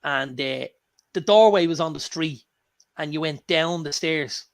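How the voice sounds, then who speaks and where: An Irish man with a slightly raised, gravelly voice, co-hosting a casual talk show. He tells anecdotes with lots of energy and swears freely. His delivery is loose and conversational. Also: fairly high pitch, a little slow. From Ireland. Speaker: co-host. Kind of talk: casual chat.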